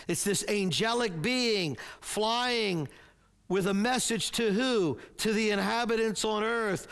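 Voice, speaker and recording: A man preaching a sermon as pastor, earnest and emphatic, with halting restarts. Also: high voice, fairly bright tone.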